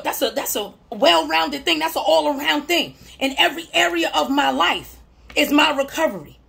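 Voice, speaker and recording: High-voiced woman with gravel in her tone; motivational vlogger on recovery, preacher cadence, repeats lines, bursts of laughing shouts. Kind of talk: motivational talk to camera.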